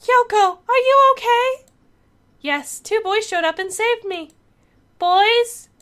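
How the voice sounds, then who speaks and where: A woman voicing a frightened teenage schoolgirl in a game, hoarse and anxious. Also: extremely high pitch, animated, slow, a bit bright, pitched above the performer's own voice, heavily acted. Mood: worried.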